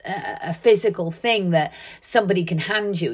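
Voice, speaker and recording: A woman's voice: mid-range voice, moderate pace. A middle-aged woman, giving an earnest, conversational motivational talk full of fillers. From Wales. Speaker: podcast host. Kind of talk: motivational monologue.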